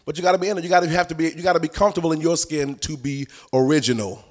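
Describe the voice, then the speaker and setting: Male preacher, fairly high voice, animated teaching sermon, folksy and repetitive. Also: rapid-fire. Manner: animated, punchy repetition, rises to shouts and sung phrases; folksy colloquial delivery. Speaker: prophetic ministry teacher.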